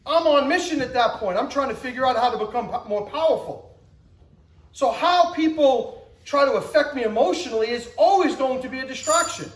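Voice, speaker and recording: Emphatic high-voiced man in his forties. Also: expressive, fairly quick, roomy sound, poor audio. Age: 40s. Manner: emphatic, acts out scenes with rising pitch and shouts. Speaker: motivational speaker. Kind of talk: motivational talk to an audience.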